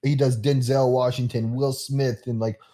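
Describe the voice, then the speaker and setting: Young man, podcast co-host, eager, loud, filler-heavy, mid pitch. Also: little pitch movement, moderate pace. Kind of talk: casual chat.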